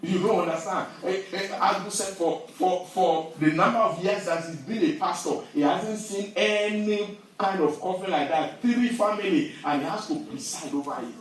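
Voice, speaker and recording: A man preaching an animated sermon, telling personal stories and building to loud scripture readings. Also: sits high, normal speed, hardly any pauses. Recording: echoey hall, distant mic.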